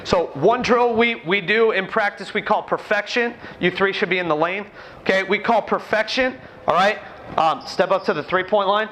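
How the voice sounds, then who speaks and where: A man with a high, ringing voice runs a basketball clinic on an indoor court. He barks out quick drill commands to his players. Between drills he turns to the watching coaches and explains each point. Faint gym noise hums behind him. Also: fairly bright tone. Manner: brisk, commanding, calls out quick drill instructions.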